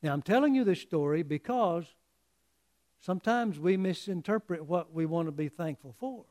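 A man preaching a sermon in an earnest, halting way, often repeating words as he restarts. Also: a little high, lively intonation, darkish tone.

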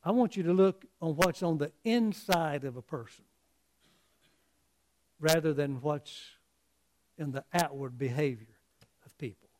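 A man preaching a sermon in an earnest, halting way, often repeating words as he restarts. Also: on the high side, a little mellow.

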